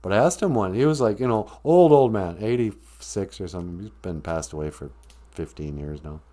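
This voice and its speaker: A man's voice: low-pitched, brisk, warm tone. A man hosting a live-stream podcast, chatting casually in a rambling way and laughing often. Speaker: podcast host.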